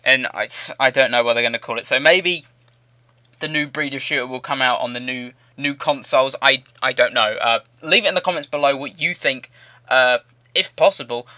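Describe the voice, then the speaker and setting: A man's voice: medium pitch, bright, forceful tone, no room sound. A young man chatting casually to viewers in a gaming commentary, rambling and repeating himself. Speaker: gaming YouTuber. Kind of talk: casual commentary over gameplay.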